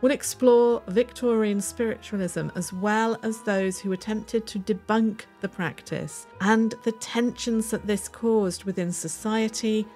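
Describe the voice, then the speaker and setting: A woman hosting a local history podcast, reading a scripted outro in a clear, friendly, measured way. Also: mid-range voice, fairly even intonation, a little mellow. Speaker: podcast host. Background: faint music.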